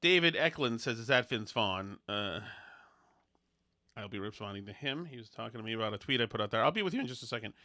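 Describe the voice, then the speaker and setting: A man's voice: medium pitch, fast, dry recording, clean studio sound. A middle-aged man hosting a podcast, bantering casually and telling jokey, sarcastic stories. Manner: joking, sarcastic, animated storytelling. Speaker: podcast host.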